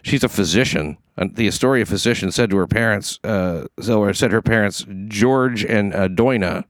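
Deep-voiced sardonic New man. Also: normal speed, dry recording, clean studio sound. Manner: sardonic, profane, riffing asides. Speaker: podcast host reading news. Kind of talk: casual comedic news chat.

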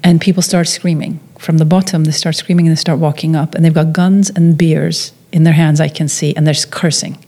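A woman's voice: low-pitched, fairly even intonation, brisk, hardly any pauses, dark tone. A woman, a documentary filmmaker, telling a personal story in conversation, acting out the quotes with frequent restarts.

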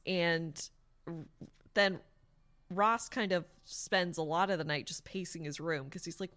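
A woman's voice: fairly low pitch, steady tone, takes it slowly, a bit bright. Woman retelling a plot to a friend, lots of "like" and "um", swears casually. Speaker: podcast co-host recapping a story. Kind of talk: casual chat.

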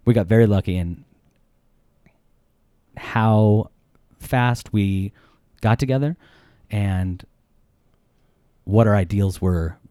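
Brief: male podcast guest, lively comic storyteller, dry close sound. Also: on the low side, slow, pauses often, no echo. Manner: animated, jokey, acts out quotes. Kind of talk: casual storytelling.

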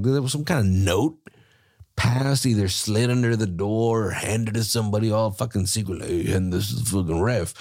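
A man hosting a soccer podcast, ranting in a casual, profane, rambling way, often jumping in pitch. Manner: rambling, profane, animated rants with pitch jumps.

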